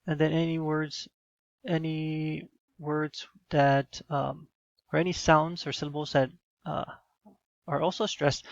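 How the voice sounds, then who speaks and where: A man's voice: fairly high pitch, no echo, lo-fi sound. A man giving a recorded teaching demo, explaining in an instructional way with some fillers.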